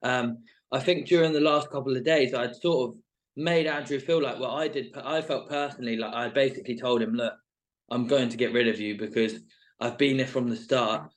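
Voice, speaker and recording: A man talks loosely and casually as a guest, stringing his thoughts along with plenty of fillers. His voice sits at an ordinary middle pitch and he never sounds scripted. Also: fairly even intonation, fairly quick. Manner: rambling, full of "like" and "sort of". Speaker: reality show contestant guest. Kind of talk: casual interview chat.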